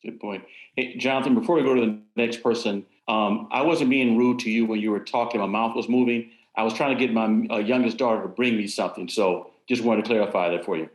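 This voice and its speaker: A man moderating a panel in a relaxed, conversational tone. He talks over a video call in a room with plenty of echo. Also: on the low side, fairly quick. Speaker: host, moderator. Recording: roomy echo, off-mic.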